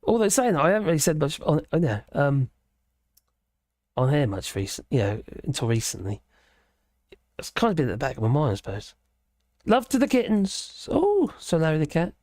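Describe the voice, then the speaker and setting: A man hosts a casual live stream, rambling from topic to topic as he reacts to viewers' comments. His voice sits a little high for a man. The sound is dry and close, with no room echo. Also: wildly swooping pitch, normal speed, long pauses, darkish tone. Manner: chatty, rambling, reacts to chat comments with chuckles. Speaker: livestream host.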